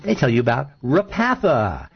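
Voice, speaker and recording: A man's voice: medium pitch, fairly quick, highs cut off, a little hiss or hum. A man co-hosting a radio health talk show, giving opinionated commentary with rhetorical questions. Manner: animated storyteller, rhetorical questions.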